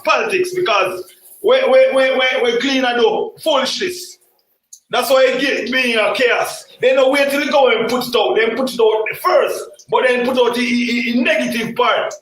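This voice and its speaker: A man's voice: extremely high pitch, moderate pace, a bit bright, echoey room, low-quality recording. A Jamaican man arguing heatedly in a call-in debate, emphatic and repetitive, stumbling over restarts.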